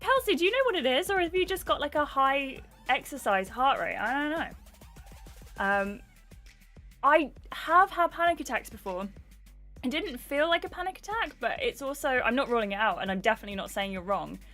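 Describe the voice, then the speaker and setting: A woman's voice: sits high, big pitch swings, moderate pace, pushed and bright, faint music behind. A young adult woman livestreaming a game, chatting casually and greeting viewers by name. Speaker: gaming livestreamer.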